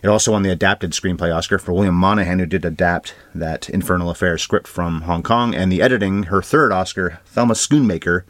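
Fast-talking low-voiced man reviewing films. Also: a bit bright, dry recording. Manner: brisk, stat-heavy, dry asides. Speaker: podcast co-host. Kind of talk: casual film review chat.

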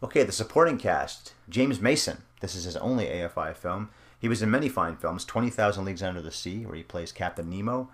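A man co-hosting a casual film talk show, chatty and reflective, often trailing off quietly at the ends of his thoughts. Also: low voice, lively intonation, brisk. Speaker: podcast co-host.

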